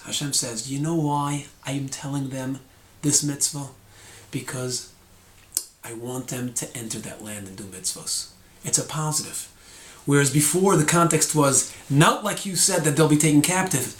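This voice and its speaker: A man's voice: fairly high pitch, reverberant. A man teaching a short Torah lesson, explaining and acting out tones of voice.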